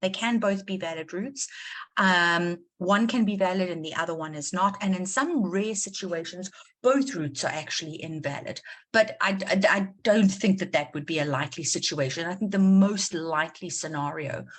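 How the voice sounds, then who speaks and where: A woman's voice: on the low side, normal speed. A woman maths teacher from South Africa leading a live online revision class, quizzing her students and repeating key points for emphasis. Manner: questioning, encouraging, repeats for emphasis.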